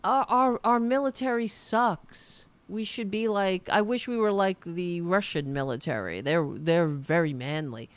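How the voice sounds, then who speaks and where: A woman's voice: lowish voice, moderate pace, hardly any pauses, lightly acted. A woman voicing a mock right-winger who gripes in an exaggerated, mocking way. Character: sneering mock right-winger griping about the military.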